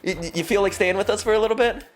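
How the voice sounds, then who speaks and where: A man's voice: high-pitched, rapid-fire, soft background music. A young man co-hosting a casual livestream, joking and teasing and often laughing. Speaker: livestream co-host.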